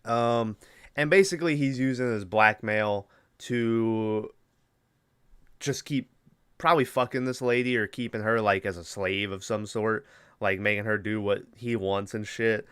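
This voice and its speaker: A man's voice: lowish voice, measured pace, fairly bright tone, clear, resonant tone, dry recording, clean studio sound. A man hosting a podcast, casually retelling a movie plot in a rambling, profane way with lots of fillers. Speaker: podcast host.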